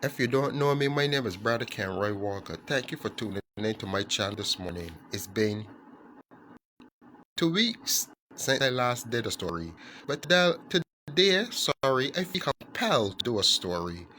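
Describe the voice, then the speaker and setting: A man's voice: medium pitch, lively intonation, moderate pace, sharp tone, slight background noise. A man telling a fable to his online audience in an earnest, repetitive way, correcting himself as he goes. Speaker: storyteller.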